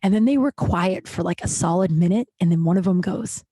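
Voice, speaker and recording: A woman in her thirties hosting a podcast, telling stories in a rambling, animated way, jittery and over-caffeinated. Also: on the low side, fairly quick, dry recording. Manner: rambling, animated, full of restarts and asides. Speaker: podcast host. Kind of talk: casual storytelling monologue.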